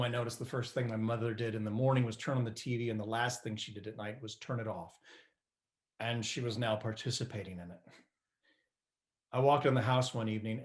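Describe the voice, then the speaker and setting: A man's voice: mid-range voice, close to an everyday voice. A wry, patient divorced son in his middle years, played by a man in a stage monologue. His voice sits in an ordinary middle range. He tells the story with dry humor. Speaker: stage actor.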